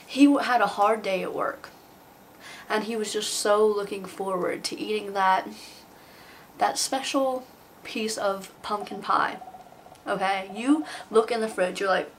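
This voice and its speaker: A woman's voice: mid-range voice, a little hiss or hum, rough recording. A young woman making a comedic vlog, playfully telling stories and acting out silly excuses. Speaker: vlogger.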